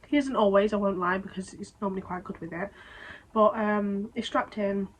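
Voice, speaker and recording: A young woman talks to camera in a casual vlog, her voice at a middling pitch. She tells the story in an emotional, rambling way, often restarting her sentences. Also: a little hiss or hum, rough recording. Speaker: vlogger.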